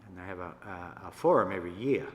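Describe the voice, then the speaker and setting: Older Australian man, very low voice, relaxed storytelling, reverberant church hall. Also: fast talker. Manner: relaxed yarning, laughs between stories. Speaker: First Nations elder speaker. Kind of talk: storytelling talk to an audience. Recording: echoey hall, faint room noise.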